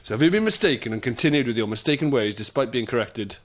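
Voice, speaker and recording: A man's voice: mid-range voice, lively intonation, fast. A man hosting a casual radio chat, teasing his guest and laughing often. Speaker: radio host.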